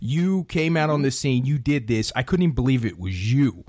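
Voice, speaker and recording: A man's voice: medium pitch, expressive, normal speed, darkish tone, no echo, studio quality. A man hosting a podcast interview, hyped and showman-like, with casual slang. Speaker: podcast host.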